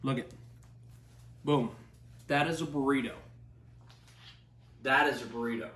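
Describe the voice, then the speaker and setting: Speaking at a measured pace, a cooking show host with a mid-range, slightly bright voice demonstrates home cooking. He curses casually and talks up the food in loose kitchen banter, picked up by a distant mic in a roomy space.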